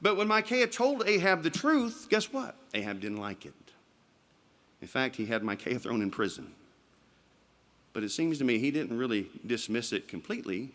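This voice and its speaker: Guy giving an evening sermon at church, easygoing mid-pitched voice, keeps asking the congregation questions. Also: big pitch swings, normal speed, fairly bright tone. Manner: conversational, with rhetorical questions to the congregation. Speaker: preacher. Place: church sanctuary.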